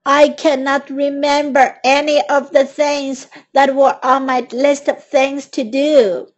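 A woman's voice: little pitch movement, slow pace, muffled recording. A woman voicing a fussy, fretful male toad in a children's storybook, anxious and wailing, with a Mandarin Chinese accent. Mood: glum. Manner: anxious, high-pitched and wailing.

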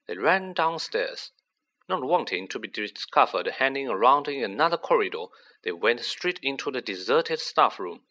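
A man reading a fantasy novel aloud with a bright, ringing tone. His pitch swoops widely as he builds drama into each sentence, keeping it expressive. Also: normal speed. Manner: dramatic, animated delivery. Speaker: audiobook reader. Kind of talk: expressive storybook narration.

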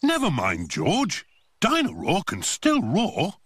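A man's voice: sits high, huge pitch swings, slow, background noise, full character voice. A jolly father pig. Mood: genial. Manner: genial, mildly pompous. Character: jolly, fussy middle-aged father pig.

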